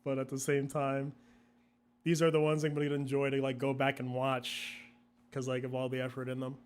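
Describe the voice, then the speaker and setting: A man's voice: medium pitch, completely flat delivery, normal speed, clear, resonant tone. A young man chatting as an interview guest, rambling and laughing often, acting out his own thoughts in quotes. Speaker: guest, video creator. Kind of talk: casual interview chat.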